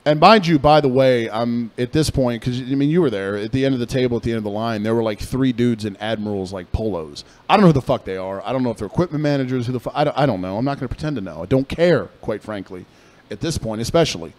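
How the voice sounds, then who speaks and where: A young man co-hosting a casual radio chat, telling a story in a profane, animated way. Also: medium pitch, fast talker. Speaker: podcast co-host.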